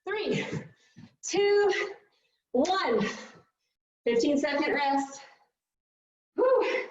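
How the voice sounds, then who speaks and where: A woman's voice: high voice, slow pace. A woman fitness coach calling out a workout with upbeat countdowns and whoops, out of breath from exercising along. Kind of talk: live workout instruction. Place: large fitness studio. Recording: echoey, distant, dull studio recording.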